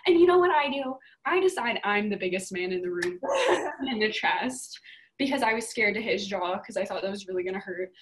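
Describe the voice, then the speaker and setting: A young woman co-hosting a podcast, telling a story in a casual, animated way and swearing a lot. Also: medium pitch, a little fast, slight background noise, poor audio. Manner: animated, profane, emphatic storytelling. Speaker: podcast co-host.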